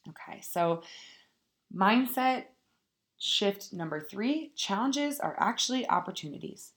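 A woman's voice: medium pitch, expressive, slow pace. A young woman vlogging casually to her viewers, telling a story with candid swearing and frequent laughter before turning it into motivational advice. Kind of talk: casual motivational talk to camera.

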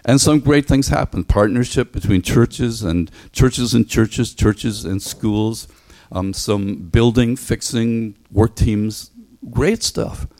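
A man giving a sermon in a relaxed, anecdotal storytelling manner that closes in prayer. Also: medium pitch, slow. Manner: conversational, anecdotal, acts out voices in stories. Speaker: preacher.

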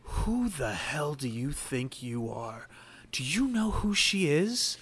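A man's voice: a little high, very animated, takes it slowly, fairly bright tone, breathy edge, pitched above the performer's own voice, heavily acted. A man voicing a hostile, threatening male Dragonborn bodyguard. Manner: aggressive, threatening.

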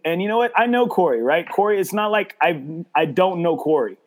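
A man's voice: high voice, big pitch swings, fairly quick. A man hosting a casual podcast, telling a story with lots of swearing and stumbling restarts. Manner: storytelling with profanity and repeated restarts; quotes others in a mocking voice. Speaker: podcast host. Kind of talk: casual chat.

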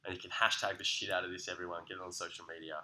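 Bright, punchy man. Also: sits low, racing, poor audio. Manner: energetic, motivational, sweary banter. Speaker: podcast co-host. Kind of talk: casual chat.

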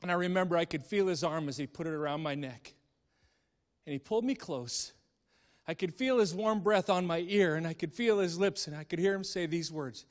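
Middle-aged man, emotional storytelling sermon, dramatic hushed-to-impassioned delivery, somewhat high voice, long hall reverb. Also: brisk. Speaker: speaker.

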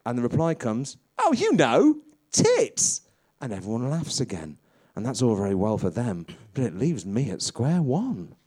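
A man playing a crude, bewildered veteran stand-up comedian in a rambling deadpan confessional monologue. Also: medium pitch, moderate pace, slightly rough.

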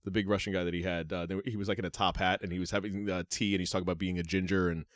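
Low-voiced man reading wrestling news. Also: level tone, rapid-fire, no echo, clean studio sound. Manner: reads news items aloud with asides, laughs often. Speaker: podcast co-host. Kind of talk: casual wrestling news chat.

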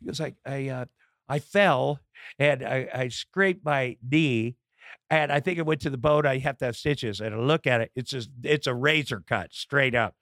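A middle-aged man, a comedian and podcast guest, in casual chat, telling candid stories with halting fillers and acted-out dialogue. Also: medium pitch, fairly bright tone, dry recording, clean studio sound.

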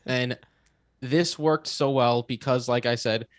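A young man co-hosting a podcast, telling a story in a casual, animated way, laughing and swearing as he goes. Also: mid-range voice, takes it slowly, dry recording, studio quality. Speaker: podcast co-host.

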